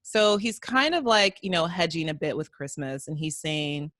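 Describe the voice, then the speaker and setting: A woman co-hosting a podcast, chatting casually and acting out quotes with lively jumps in pitch. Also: moderate pace, no room sound, studio quality. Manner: animated, acts out quotes with big pitch jumps. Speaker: podcast co-host. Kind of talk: casual recap chat.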